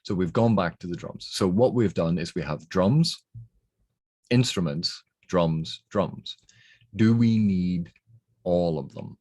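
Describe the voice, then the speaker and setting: A man's voice: low-pitched, slow pace, darkish tone, slightly rough, no echo. A man explaining editing techniques on a novel's text, thinking aloud in a methodical way. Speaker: book reviewer.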